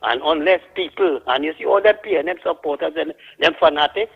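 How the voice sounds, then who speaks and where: A man's voice: on the high side, brisk, creaky, breathy edge. Heated Trinidadian man on a phone line. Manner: heated, indignant. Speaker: caller. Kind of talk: call-in radio rant.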